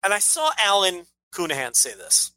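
A man's voice: sits high, wildly swooping pitch, moderate pace, bright, forceful tone, low-quality recording. A man co-hosting a casual podcast, opinionated and ranting, swearing freely as he makes his case. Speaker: podcast co-host.

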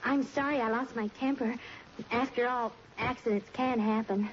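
An actress playing a sweet but quick-tempered teenage girl with a flustered, gushing manner, in a 1940s radio sitcom. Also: a little high, fairly even intonation, lightly acted. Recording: dull hissy old radio recording.

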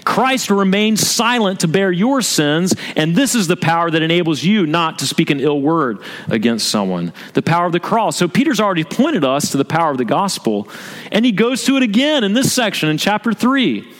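Earnest preacher with a high-ish voice. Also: male voice, very animated, moderate pace, fairly bright tone. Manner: earnest, asks rhetorical questions and repeats key points. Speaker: pastor. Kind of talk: sermon. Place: church sanctuary. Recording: long reverb of a church hall.

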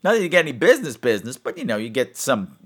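A man's voice: mid-range voice, very animated, rapid-fire, slightly rough. A man giving a sarcastic, rambling comedic recap of a bad movie, acting out the characters' voices as he goes. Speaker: movie reviewer.

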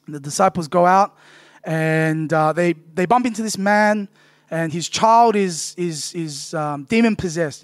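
A man's voice: fairly high pitch, no room sound. A man, preaching a casual, joking sermon full of "right?" tags. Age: 30s. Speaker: pastor.

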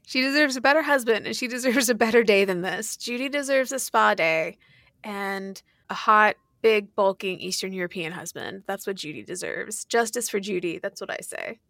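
A woman co-hosting a podcast, chatting casually and retelling a comic story in an animated way, swearing freely. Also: mid-range voice, normal speed, no echo, clean studio sound. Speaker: podcast co-host. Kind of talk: casual chat.

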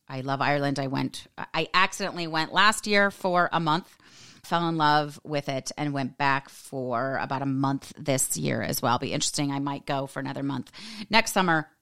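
A low, smooth-voiced American woman in her forties, chatting through a personal story on her podcast. She is sassy and animated and mimics the people she quotes, and her voice stays clear and resonant. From United States. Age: 40s. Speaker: podcast host. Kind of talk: casual storytelling monologue.

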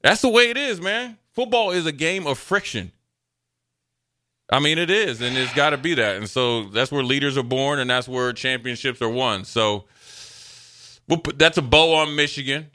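A man co-hosting a sports talk show, telling stories from his playing days in a loose, animated way and acting out what others said. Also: medium pitch, normal speed. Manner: animated storyteller, acts out quotes, loose and chatty. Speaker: sports radio co-host, former NFL player. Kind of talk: casual sports talk storytelling.

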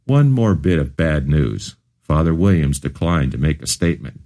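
A man's voice: rumbling low, expressive, normal speed, hardly any pauses, dark tone. A man narrating his own memoir as an audiobook, telling it earnestly in the first person.

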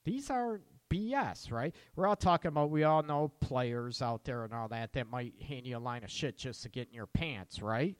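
A man's voice: medium pitch, lively intonation, normal speed, hardly any pauses, clear, resonant tone, no echo. A middle-aged man hosting a podcast, talking casually to listeners and throwing out rhetorical questions with a frequent "right?". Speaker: podcast host.

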